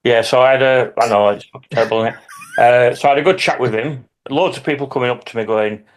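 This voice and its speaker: A man, a hobby YouTuber, telling lively anecdotes in casual chat with some swearing. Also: medium pitch, fairly quick.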